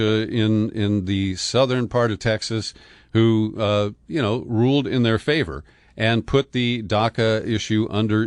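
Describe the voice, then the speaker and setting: A man's voice: medium pitch, dry recording. Sardonic man with a dry close sound. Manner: sardonic, scornful asides. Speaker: political commentary host. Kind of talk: opinionated news commentary.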